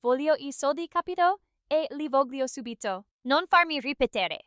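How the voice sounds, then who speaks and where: AI woman voicing a threatening Italian mobster, British accent, dry sound, bit high: mock gangster read. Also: animated, brisk, a bit bright, no room sound, lo-fi sound.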